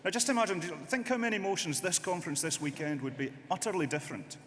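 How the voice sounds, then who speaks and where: A man speaks from a lectern in a large conference hall, his voice trailing off in a long reverb. He pitches his voice a little higher than most men and drives his points home with emphatic repetition, while a faint hiss sits underneath. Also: fast, a bit bright. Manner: impassioned, rhetorical, emphatic repetition. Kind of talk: political conference speech.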